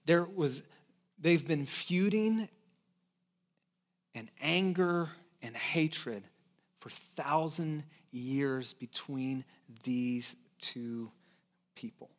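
Male pastor, sermon, conversational, emphatic, high-pitched voice. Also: very slow, long pauses. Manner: conversational, emphatic, with restarts and asides; drops to soft, intimate encouragement.

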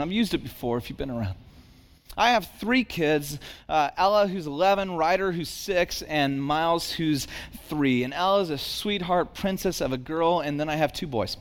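A man in his thirties preaching a sermon, telling family stories with emphatic repetition and dramatic pauses. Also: a little high, lively intonation, big-room sound. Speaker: pastor.

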